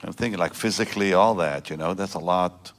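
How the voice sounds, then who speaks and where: A pastor in his seventies gives an emotional personal testimony to a church congregation, with halting restarts. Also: deep voice. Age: 70s. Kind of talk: prayer and personal testimony sermon. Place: church service before a congregation.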